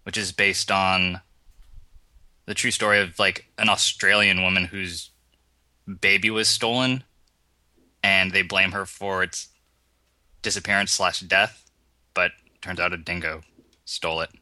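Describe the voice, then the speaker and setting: Low bright man, rambling chat. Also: fairly even intonation, unhurried, pauses often, dry recording. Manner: loose and rambling, lots of "like". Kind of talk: casual chat.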